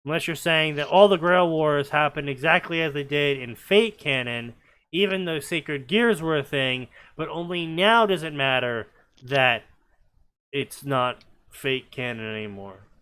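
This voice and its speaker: A man's voice: on the high side, unhurried, pushed and bright, smooth. A man reading fanfiction aloud and breaking off into sarcastic, nitpicking commentary, often stammering as he restarts his sentences.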